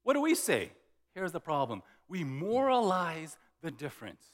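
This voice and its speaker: A man's voice: a little high, wildly swooping pitch, moderate pace, in a large hall. A man preaching a sermon, telling a story and acting out both sides of conversations. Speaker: pastor.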